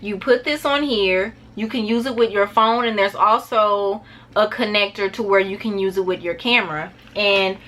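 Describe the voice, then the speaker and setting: In this packing vlog, a woman with a mid-range, somewhat bright voice talks casually to her audience, addressing them as "y'all" and wandering off topic a little. She travels and vlogs about it, occasionally rushing her words to keep it brief.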